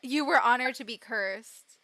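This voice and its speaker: A woman's voice: on the high side, a little slow, sharp tone, dry recording. A woman hosting a live stream, chatting casually with her cast and gushing over viewers with frequent giggles. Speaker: stream host.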